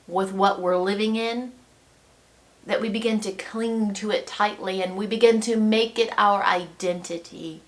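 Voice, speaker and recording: A woman's voice: medium pitch, a bit bright. A woman giving a devotional Bible teaching in an earnest, reflective manner.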